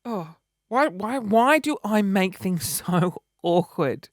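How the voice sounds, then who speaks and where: A man's voice: high voice, animated, slow pace, dry recording, studio quality. A man in his thirties chatting casually to camera in a self-mocking, dramatic way. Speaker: vlogger.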